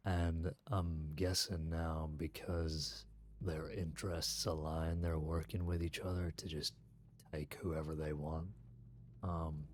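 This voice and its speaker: A man playing a sheriff in a western roleplay, talking in character in a hesitant, calm way. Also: rumbling low, slow pace.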